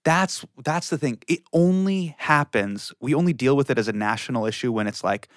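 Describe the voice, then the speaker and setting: A man's voice: medium pitch, animated, moderate pace, no room sound, studio quality. A man from California, a guest comedian talking passionately and emphatically in a casual interview. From California, USA.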